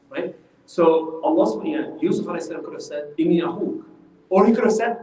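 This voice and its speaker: A man gives a religious lesson at a rapid clip, keeping it lively with questions for his class. His fairly high voice bounces around a big echoey mosque hall, picked up from a distance, with a faint hum of room noise. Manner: animated, asks the class questions. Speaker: teacher.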